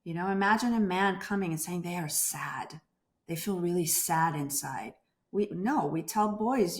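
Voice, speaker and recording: A woman in her thirties, a doctor speaking as a guest in an interview, talking in an expressive way and acting out the voices she quotes. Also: fairly low pitch, moderate pace. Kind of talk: conversational interview.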